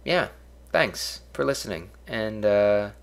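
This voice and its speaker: A man's voice: on the low side, expressive, slow, gravelly. A man hosting a podcast, signing off in an offhand, drifting, self-mocking way. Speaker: podcast host. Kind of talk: casual podcast sign-off.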